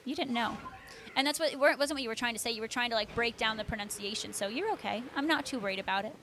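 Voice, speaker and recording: A woman's voice: fairly high pitch, very fast, sharp tone, slight background noise. A woman hosting a live stream, chatting casually with viewers, laughing often and answering them by name. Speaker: livestream host.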